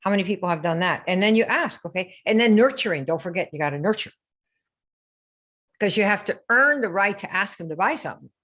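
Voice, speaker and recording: A woman's voice: mid-range voice, expressive, brisk, fairly bright tone. A woman running a live online sales coaching session, peppering listeners with questions and mocking typical sales posts. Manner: rhetorical, keeps asking the audience questions; mocking sing-song when quoting sales posts.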